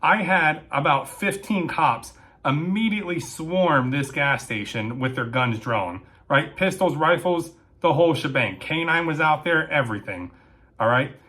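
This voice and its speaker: A man telling a comic story about his days as a military police dispatcher, acting out the lines with sudden shouts and asides. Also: on the high side, a little slow. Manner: animated, acts out quotes with shouting and asides. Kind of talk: comedic storytelling.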